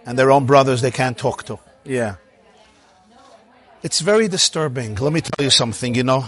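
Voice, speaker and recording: A man preaching, telling a story in an animated, conversational way with frequent asides. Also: medium pitch, moderate pace, husky. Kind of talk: sermon storytelling.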